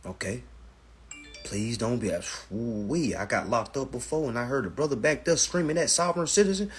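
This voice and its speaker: A man's voice: medium pitch, fairly quick, slightly rough. A man hosting a live stream, telling stories and giving advice in a casual, profane manner, often calling his viewers family. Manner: animated, profane storytelling, addresses viewers as family.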